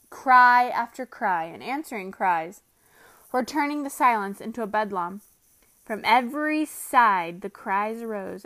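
A woman reading a novel aloud to a student with careful, deliberate delivery. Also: mid-range voice, a bit bright.

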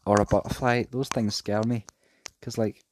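A man's voice: lowish voice, flat delivery, normal speed, a little hiss or hum. A young man, ranting casually and cheekily in a solo podcast from his bedroom. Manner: rambling, sweary, cheeky. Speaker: podcast host.

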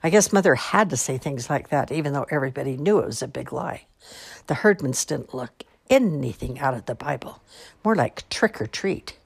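A woman reads a children's novel aloud in a wry, expressive storytelling manner. Her voice sits low and is a bit husky, and her pitch rises and falls with lively movement. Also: normal speed.

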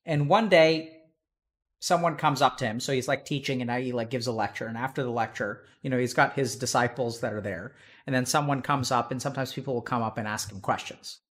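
A man's voice: mid-range voice, a little fast, a bit bright. A man giving blunt, casual advice in conversation, swearing freely and acting out the people in the stories he tells.

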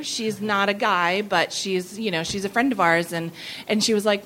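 A woman in her thirties telling a comic anecdote at a live venue, animated and often laughing. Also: mid-range voice, normal speed. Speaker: comedy writer guest. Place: live venue before an audience.

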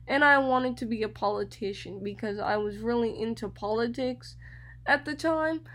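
A young woman from Florida, hosting a radio show and telling a personal story in an animated way, often repeating words. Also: on the high side, moderate pace. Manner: animated, repeats words, addresses listeners as y'all.

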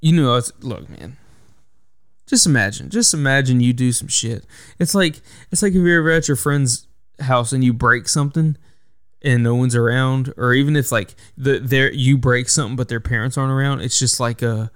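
A young man tells a story on his own podcast, rambling and cursing, circling back to fix his words as he goes. His voice is smooth and resonant. The sound is dry and close, with no room around it. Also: mid-range voice, moderate pace, no echo. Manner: rambling, profane, self-correcting storyteller. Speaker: podcast host. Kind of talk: casual solo podcast storytelling.

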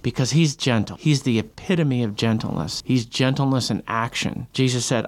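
A man's voice: medium pitch, moderate pace, few pauses. A man hosting a faith discussion who affirms his guests and reads scripture aloud. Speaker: podcast host.

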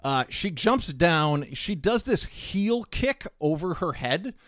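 A man's voice: a little high, very animated, slow pace, a bit bright, no echo. A young man co-hosting a podcast, enthusiastically describing a fight scene step by step. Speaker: podcast co-host. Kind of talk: casual chat.

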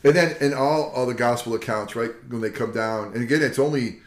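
An older man, a pastor co-hosting a casual Bible discussion, telling the stories in a lively folksy way and acting out the quotes. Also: medium pitch, brisk. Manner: animated storyteller, acts out quotes, folksy. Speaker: pastor and co-host. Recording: echoey room.

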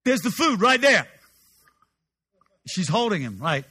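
A male pastor preaching with a humorous, animated storytelling manner, often restarting his sentences. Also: high voice, unhurried, breathy edge. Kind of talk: sermon storytelling.

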